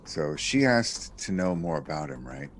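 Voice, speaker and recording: Low-voiced hesitant male player. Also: very animated, a little hiss or hum. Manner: hesitant, halting with many fillers. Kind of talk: playing a character in a tabletop game.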